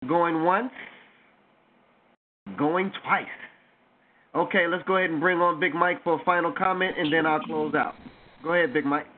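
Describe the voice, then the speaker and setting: A man hosts a call-in radio talk show, his voice a little higher than most men's. He moves from taking callers to a drawn-out, preachy closing speech, stressing each point. It all comes through a tinny phone line with faint background hiss. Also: steady tone.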